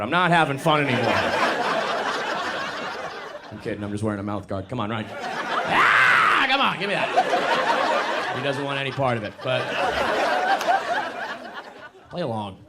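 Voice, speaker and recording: A young man doing a stand-up comedy set on a club stage, self-mocking and animated, jumping into loud put-on voices. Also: medium pitch, very noisy.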